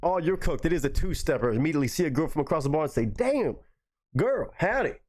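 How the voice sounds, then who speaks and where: A young man hosting a live music reaction stream talks excitably in a fairly high voice at a racing pace. He swears freely and repeats lines in disbelief.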